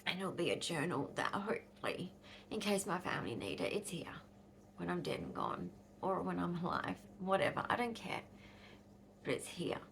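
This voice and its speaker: A woman's voice: fairly low pitch, wildly swooping pitch, normal speed, creaky, a bit bright, a little hiss or hum. An Australian woman in her fifties, talking bluntly and angrily to camera in a casual vlog, swearing freely. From Western Australia. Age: 50s. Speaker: vlogger.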